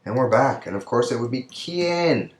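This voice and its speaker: A man's voice: medium pitch, animated. A man teaching a recorded Spanish lecture, walking through exercises patiently and often checking with "right?". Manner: patient, asks "right?" often, pauses for students. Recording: echoey room sound.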